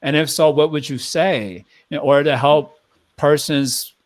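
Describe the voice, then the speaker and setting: A man's voice: fairly high pitch, fairly even intonation, unhurried, no echo. A young man hosting a podcast, telling a story and asking a long question in a thoughtful, rambling way. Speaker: podcast host. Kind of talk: casual podcast chat.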